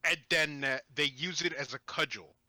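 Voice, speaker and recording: A man telling a story from his tabletop game as a podcast guest, animated and rambling with restarts. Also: fairly high pitch, moderate pace, no echo. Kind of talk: casual storytelling chat.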